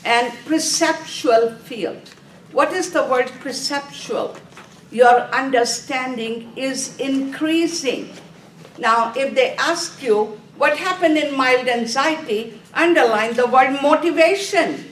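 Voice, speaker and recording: A woman instructor giving a classroom review lecture, asking questions, answering them herself and telling students to underline key words. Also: high voice. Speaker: nursing exam review instructor. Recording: echoey room, voice from a distance, faint noise.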